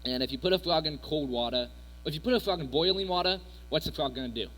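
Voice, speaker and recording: Bright-voiced young man giving a youth talk. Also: on the high side, quick pace. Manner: casual, rambling, filler-heavy. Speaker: youth speaker. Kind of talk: youth sermon with personal stories. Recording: echoey hall with mains hum.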